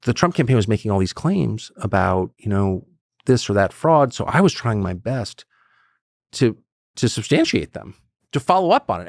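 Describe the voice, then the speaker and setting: A man's voice: medium pitch, gravelly, no echo, clean studio sound. A man in his fifties, a guest telling stories in a conversational interview and acting out quotes. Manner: animated storyteller who acts out quotes.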